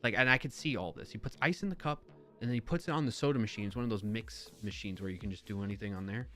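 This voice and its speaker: A man's voice: lowish voice, quick pace, faint music behind. Man rambling through an incredulous anecdote. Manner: rambling, filler-heavy anecdote with self-corrections; incredulous, animated retelling. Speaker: live-stream host. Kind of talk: casual storytelling chat.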